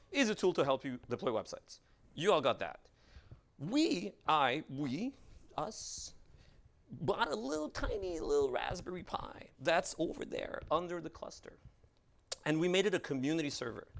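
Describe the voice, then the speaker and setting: A man talks an audience through a live coding demo, thinking out loud and poking fun at his own mistakes. His voice has a gravelly edge and swings up and down in pitch as he talks. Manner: rambling, self-deprecating, thinks aloud while typing. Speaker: presenter giving a tech talk. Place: meetup room in front of an audience.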